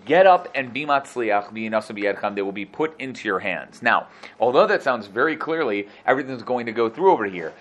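A man's voice: mid-range voice, lively intonation, a little fast, a bit bright. A man teaching a Bible chapter verse by verse, mixing Hebrew terms into casual English and acting out the quotes. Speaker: Torah teacher. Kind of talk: explaining a Bible text verse by verse.

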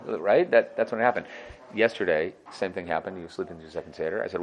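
A man, a yeshiva teacher, giving a casual Torah lesson, quick and conversational, acting out students' excuses and laughing at his own jokes. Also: low voice, muffled recording.

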